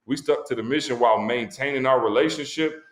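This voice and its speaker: A man's voice: mid-range voice, a little fast, echoey room. A man telling a heartfelt story about a friend on a live stream, emphatic and slangy. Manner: emphatic, slangy storytelling, voice climbs when excited. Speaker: guest speaker at a launch stream.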